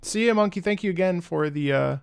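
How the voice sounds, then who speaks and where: A man in his thirties, both a streamer and an opera singer, chats casually and playfully with his viewers, stumbling through greetings in other languages. His voice is high, brisk and a bit creaky, with a clean tone.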